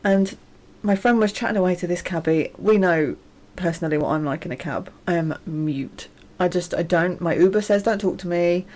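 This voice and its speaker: A woman's voice: lowish voice, moderate pace, hardly any pauses, a little mellow. An English woman co-hosting a podcast, chatting casually and swearing now and then. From England. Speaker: podcast co-host. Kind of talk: casual chat.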